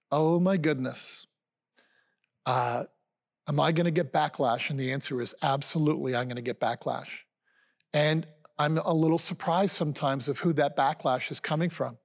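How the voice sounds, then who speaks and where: A man in his sixties preaching a sermon as a pastor, earnest and conversational, often calling his listeners friends. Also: fairly high pitch. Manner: conversational preaching with fillers and restarts.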